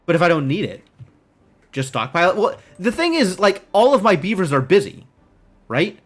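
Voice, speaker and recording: A man's voice: high voice, big pitch swings, moderate pace, faint music behind. A man streaming a game live, thinking aloud in casual, rambling commentary full of "like" and puzzled questions to himself.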